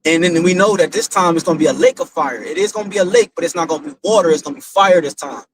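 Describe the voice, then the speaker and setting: Rambling man telling a testimony, slightly high. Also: very fast, crowd noise, low-quality recording. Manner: rambling, repetitive, slangy storytelling. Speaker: father giving a religious testimony. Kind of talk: casual spoken testimony.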